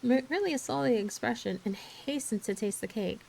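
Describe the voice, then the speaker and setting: Soft-spoken woman reading a story aloud. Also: on the high side, normal speed, creaky, a little hiss or hum, poor audio. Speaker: ASMR reader. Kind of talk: ASMR book reading.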